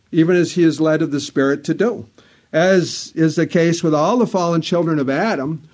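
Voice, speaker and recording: A man preaching a sermon in an earnest, deliberate way, reading scripture in King James wording and pressing his points with emphatic repetition. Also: high-pitched, darkish tone.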